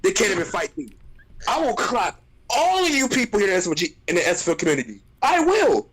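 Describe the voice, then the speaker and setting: A high-voiced man rants on a casual livestream, his pitch leaping all over as he roasts people. He sounds exasperated and animated, hammering the same phrases again and again. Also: quick pace, husky, poor audio. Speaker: streamer. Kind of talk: casual ranting stream chat.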